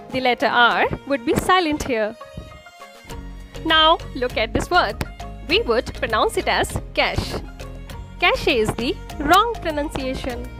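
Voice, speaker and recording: A woman with a high, lively voice narrating a scripted pronunciation lesson. She explains each word slowly and deliberately, with faint music playing under the voice-over. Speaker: English pronunciation teacher.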